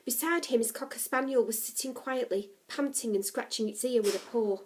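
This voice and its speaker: Woman reading a book out loud, kinda high voice, steady and expressive. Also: brisk, slight background noise. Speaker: story reader. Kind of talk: reading a novel aloud.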